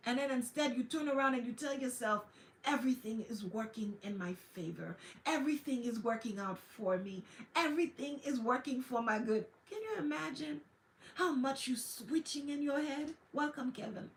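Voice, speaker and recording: A woman with a high voice gives an encouraging motivational talk on a livestream. She repeats her points and acts out quoted self-talk. Her voice rings with a roomy echo. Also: normal speed, a little hiss or hum. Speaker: wellness livestream host. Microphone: streaming setup.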